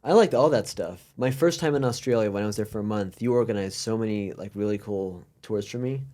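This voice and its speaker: A man's voice: fairly low pitch, brisk, warm tone. An American man hosting a casual podcast chat, telling stories animatedly with lots of fillers and restarts. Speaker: podcast host.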